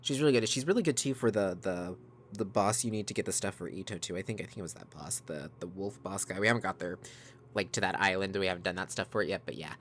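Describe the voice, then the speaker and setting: A low-voiced man speaks quickly while hosting a let's play, chatting casually with viewers he addresses as "guys" and commenting on the game. He uses a desk microphone, and there's slight background noise.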